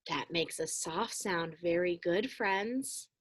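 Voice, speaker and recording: A woman teaching young children a phonics lesson, speaking slowly and encouragingly and calling them friends. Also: fairly low pitch, a bit bright.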